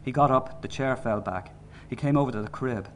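A man reading a novel aloud in measured, sombre narration. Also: medium pitch, a bit bright. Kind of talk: audiobook narration.

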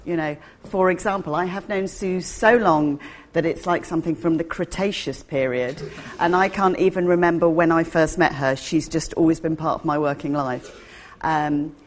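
A woman's voice: low voice, fairly even intonation, moderate pace. A woman co-hosting a casual talk, chatty and self-mocking. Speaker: co-host.

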